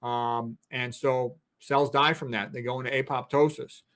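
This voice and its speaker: A man's voice: medium pitch, fairly even intonation, a little slow, a bit bright. A man in his sixties, a physician and guest, explaining things in a blunt, emphatic, lecturing way. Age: 60s. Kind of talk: interview talk.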